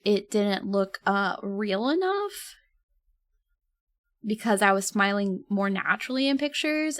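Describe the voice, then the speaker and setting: A young woman streaming while she draws, chatting casually, giggling often and reading chat out loud. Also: medium pitch, no room sound, studio quality.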